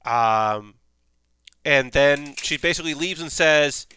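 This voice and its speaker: A man's voice: fairly high pitch, slow pace, bright, forceful tone, slight background noise. A man hosting a stream, recapping an anime plot in a rambling, casual way with lots of fillers. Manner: rambling, filler-heavy retelling. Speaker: stream host.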